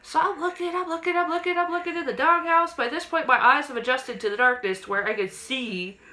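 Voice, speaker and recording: A woman's voice: high voice, steady tone, fairly quick, sharp tone, poor audio. A young woman vlogger casually telling a personal ghost story to camera, acting out quotes in a raised childlike voice.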